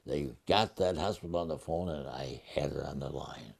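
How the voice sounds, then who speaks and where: Gravelly old man recalling memories. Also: a bass voice. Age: older. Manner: halting, with frequent restarts. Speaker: war veteran interviewee. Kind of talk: recounting memories in an interview.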